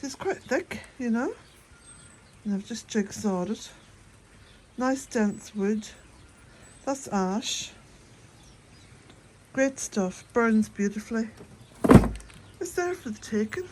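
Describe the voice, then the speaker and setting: A woman's voice: a little high, lively intonation, slow, long pauses, darkish tone, slight background noise. Chatty Irish woman, a bit breathless. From west of Ireland. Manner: chatty, rambling, laughs often. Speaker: cottage gardening vlogger. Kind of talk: casual chat to camera. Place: outdoors at a cottage garden and shed.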